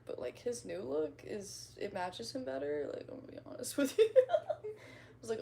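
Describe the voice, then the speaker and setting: A woman's voice: mid-range voice, huge pitch swings, moderate pace, vocal fry, mellow, slight background noise. A young woman chatting casually with her followers, rambling in slang, laughing often and retelling stories dramatically. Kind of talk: casual chat.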